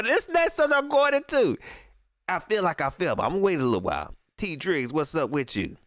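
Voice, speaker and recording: Reading out live comments, this man hosts a sports fan stream and rants in casual slang, tossing out emphatic rhetorical questions and lots of fillers. He has a mid-range, slightly bright voice captured in a clean studio with no room sound.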